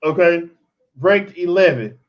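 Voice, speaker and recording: A man hosting a casual fan show, commenting on game highlights in an animated, exasperated, joking way. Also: measured pace, dull audio.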